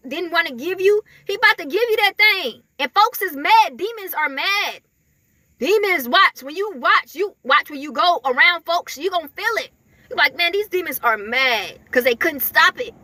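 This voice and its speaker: A woman acting as a spiritual messenger gives casual, chatty spiritual messages full of fillers, laughing often. Her voice is high-pitched, pushed, and bright.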